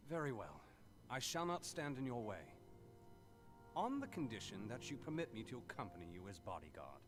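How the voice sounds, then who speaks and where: Courtly, protective bodyguard. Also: male voice, medium pitch, huge pitch swings, fairly quick. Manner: courtly and formal. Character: loyal male bodyguard, wry and protective. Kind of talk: game cutscene voice acting. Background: game music.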